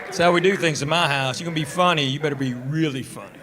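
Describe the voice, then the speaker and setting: A middle-aged man from Tennessee doing a stand-up comedy set, telling stories and acting out quick quotes from his family. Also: fairly high pitch, very noisy. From Tennessee, USA. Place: theater stage before a live audience. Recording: live show with audience laughter. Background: audience laughter.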